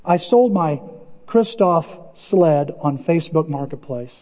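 A man preaching with a high, lively voice that jumps around as he tells a story. The voice is husky, and the sermon is heard through dull, lo-fi audio with a long reverb from a church sanctuary. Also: measured pace. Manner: animated, storytelling, shouting bursts of excitement. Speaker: pastor.

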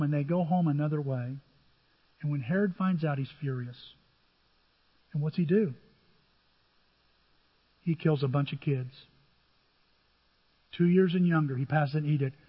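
Older man, pastor, sermon, husky, storytelling, long hall reverb. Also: on the high side, lo-fi sound. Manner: conversational storytelling, acts out biblical dialogue.

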